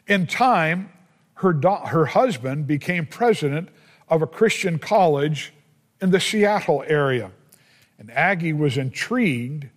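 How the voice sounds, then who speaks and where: A man telling a story as part of a sermon, slow and deliberate, pausing often and sometimes stumbling over words. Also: on the high side. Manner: slow, deliberate retelling with pauses and small slips. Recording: hall reverb.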